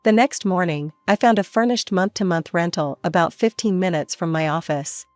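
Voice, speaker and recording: A woman narrating a first-person family story in a steady, plain way. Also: lowish voice, normal speed, no echo, clean studio sound, faint music behind.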